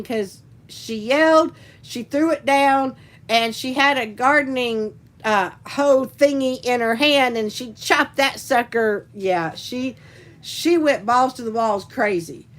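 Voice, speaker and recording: A woman's voice: high-pitched, a little slow, rough recording. A woman hosting a casual live stream. She chats, reads out viewer comments and tells rambling stories, with frequent laughs. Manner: chatty, rambling storyteller who laughs often. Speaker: livestream host and teacher.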